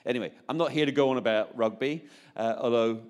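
A man's voice: mid-range voice, fast, darkish tone, smooth. A Northern Irish man in his fifties preaching a personal testimony, chatty, with asides and restarts. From Northern Ireland. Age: 50s. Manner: chatty, self-interrupting, jokey asides.

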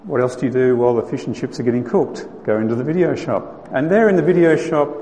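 A man's voice: medium pitch, fast, warm tone, slight background noise. A man giving a sermon in a conversational, storytelling way, earnest and direct. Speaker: preacher. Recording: long hall reverb, faint ambience.

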